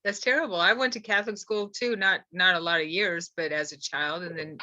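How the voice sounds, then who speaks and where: A woman's voice: on the low side, fairly even intonation, fairly quick, sharp tone, lo-fi sound. A woman hosting an interview, jumping in eagerly and apologizing for interrupting. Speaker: host. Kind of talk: conversational interview.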